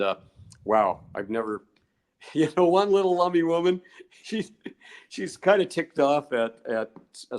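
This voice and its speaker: An older man, a guest researcher, telling long digressive stories in a podcast interview and chuckling often. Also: lowish voice.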